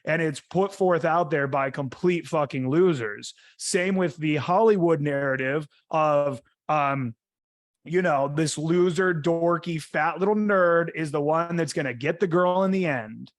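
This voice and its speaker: A man's voice: on the high side, a little slow. A young adult man hosting a casual podcast, talking bluntly and emphatically with lots of swearing. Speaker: host.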